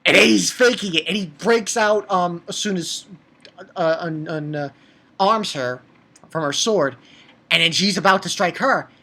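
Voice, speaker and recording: A man excitedly recaps an anime episode in a casual way, swearing and tripping over fillers and restarts. His voice is high-pitched and gravelly, and his pace is measured.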